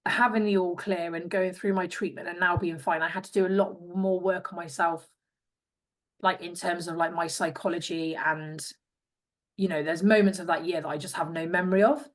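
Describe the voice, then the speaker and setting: A woman in her twenties from England, a former rugby player chatting as a podcast guest and acting out what others said to her. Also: fairly low pitch. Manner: chatty, acts out quoted voices. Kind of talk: casual interview chat.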